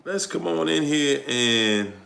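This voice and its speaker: On the high side and animated, this host's sharp voice has vocal fry and a slow pace. In his Washington DC accent he runs a casual livestream, greeting people by their locations and drawing out the hype, as music plays amid a roomy echo.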